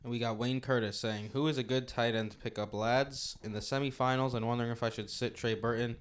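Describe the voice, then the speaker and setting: A man's voice: medium pitch, steady tone, brisk, clean tone. Laid-back young man reading questions. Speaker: podcast host reading listener questions. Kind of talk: casual sports chat. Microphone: studio mic.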